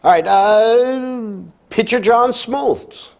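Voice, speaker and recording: A man co-hosting a sports talk show in casual chat. He tells stories with a lot of energy, reads quotes aloud and often pauses with "uh". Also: very high voice, vocal fry.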